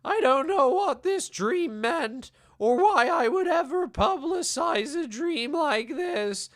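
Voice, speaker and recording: A man doing a mocking impression of a weepy older male self-help author, with a tearful quavering sob in his voice and a slow, drawn-out wail. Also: extremely high pitch, animated, fairly bright tone, pitched above the performer's own voice, full character voice. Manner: slow, drawn-out wailing delivery.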